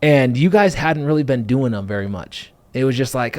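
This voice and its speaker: Here a podcast host with a medium-pitched voice, heard without echo, tells his own business story. His delivery is rapid and lively, loose and rambling, peppered with "like" and "you know." He's a business owner, and this is casual conversational storytelling.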